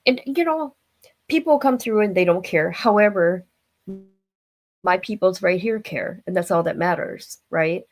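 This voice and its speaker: A woman's voice: on the low side, measured pace. An older woman hosting a casual livestream, rambling and talking straight to her viewers. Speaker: livestream host.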